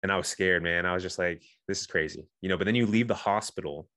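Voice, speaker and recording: A man's voice: sits low, quick pace, a bit bright, no room sound, clean studio sound. A man in his thirties, a guest on a talk show, telling his own story candidly and earnestly, with many restarts and "you know"s.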